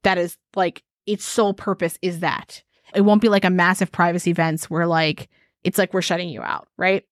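A woman co-hosting a podcast in casual chat, rambling and animated, talking with her hands at a desk mic. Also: lowish voice, normal speed, no echo, clean studio sound. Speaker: podcast co-host. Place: home recording setup at a desk. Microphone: desk mic on a stand.

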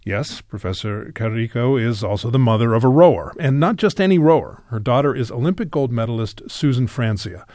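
A man's voice: medium pitch, lively intonation, a little fast, hardly any pauses, darkish tone, no echo, studio quality. A man hosting a radio program, reading scripted introductions with playful delivery. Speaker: radio host.

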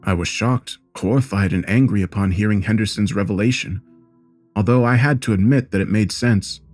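Guy reading a creepy story first person, lowish voice, steady and grave, faint music behind. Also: normal speed. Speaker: horror story narrator. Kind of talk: scripted first-person narration.

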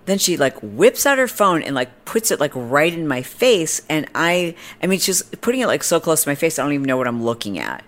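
A woman podcast host casually retelling a story, snarky and animated, acting out the people she quotes. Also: deep voice, brisk, hardly any pauses.

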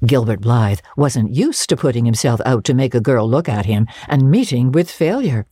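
Expressive, husky woman narrator. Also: very deep voice, normal speed, no echo, clean studio sound. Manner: expressive, storytelling delivery. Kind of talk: dramatic reading of a classic novel.

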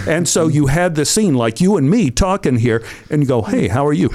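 Older man telling lively anecdotes. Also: on the high side, fairly quick, few pauses. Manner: animated, acts out quoted voices. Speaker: actor guest. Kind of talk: anecdotal storytelling.

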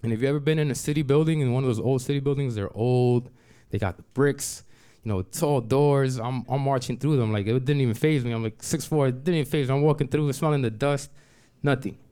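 Man, storyteller, smooth clear voice, easy everyday delivery, lots of "like", punchy emphasis. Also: medium pitch, a little fast, mellow. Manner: conversational, repeats "like" and restarts. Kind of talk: personal story told to an audience.

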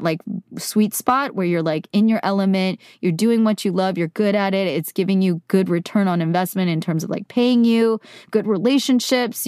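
A woman's voice: fairly low pitch, a little mellow, no room sound, clean studio sound. A woman from California, a voice actor, talking earnestly and openly to her viewers in a casual, filler-heavy way. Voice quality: casual, heavy use of "like", mild swearing. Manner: earnest, reflective, emotionally open. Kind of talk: candid personal monologue to viewers.

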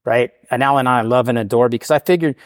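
A middle-aged man from the Portland area telling his recovery story in a casual, animated way, acting out the voices of the people in it. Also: medium pitch, quick pace, no room sound, clean studio sound. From Portland, Oregon area. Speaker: guest sharing recovery story.

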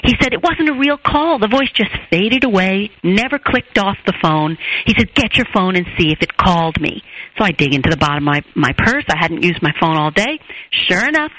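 Animated woman telling a personal story. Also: brisk, a little hiss or hum, poor audio. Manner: expressive, acts out quoted voices with big pitch jumps. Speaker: guest, relationship therapist. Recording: radio show.

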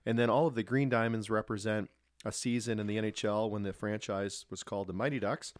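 Man telling relaxed hockey stories. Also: on the low side, a little fast, no room sound, studio quality. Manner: relaxed, anecdotal, lots of restarts. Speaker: former pro hockey player, guest. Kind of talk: casual storytelling.

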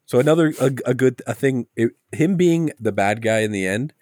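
A man's voice: mid-range voice, lively intonation, a little fast, a little mellow, no echo. Man, film podcast co-host, rambling casual talk, dry recording. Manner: rambling, self-correcting, laughs often. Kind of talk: casual movie review chat.

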